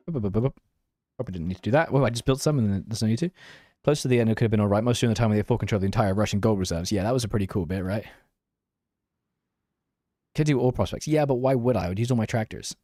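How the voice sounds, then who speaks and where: A man's voice: lowish voice, very fast, warm tone, no room sound, studio quality. A young man streaming a strategy game, chatting casually, mocking himself and answering his chat.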